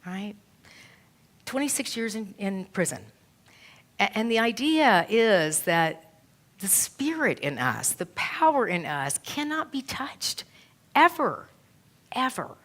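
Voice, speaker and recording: A woman's voice: medium pitch, big pitch swings, takes it slowly, pauses often. A woman minister giving a sermon in a church, retelling a story with earnest, emotional storytelling.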